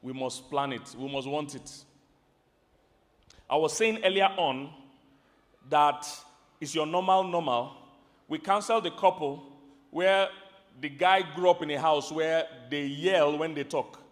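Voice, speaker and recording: A man with a Nigerian accent preaching about marriage to a live audience. He swings from loud emphatic lines to quiet asides and keeps asking the crowd questions. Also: a little high, unhurried, pauses often. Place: large hall with an audience. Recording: hall reverb from a large venue.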